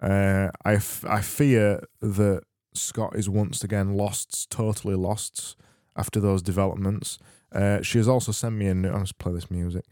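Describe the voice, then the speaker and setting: Deadpan podcast host. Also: male voice, on the low side, moderate pace, no room sound, studio quality. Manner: deadpan, rambling and self-mocking, with stumbles. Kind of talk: comedic podcast monologue.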